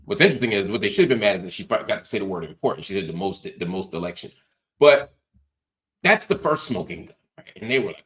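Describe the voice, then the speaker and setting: Low-voiced sarcastic male commentator. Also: fairly quick. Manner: animated, sarcastic, mocking asides. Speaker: host. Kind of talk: political commentary show.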